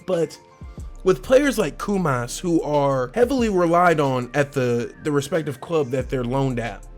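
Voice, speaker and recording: A man hosting a casual football transfer talk, animated and slangy, laughing often and asking the fans questions directly. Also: on the high side, measured pace, faint music behind. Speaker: sports channel host.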